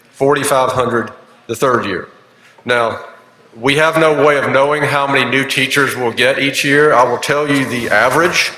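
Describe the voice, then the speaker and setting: A man, a senator presenting a bill on a legislative floor in a measured, explanatory way with plenty of fillers. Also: medium pitch, sharp tone. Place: legislative chamber. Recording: echoey chamber with long reverb.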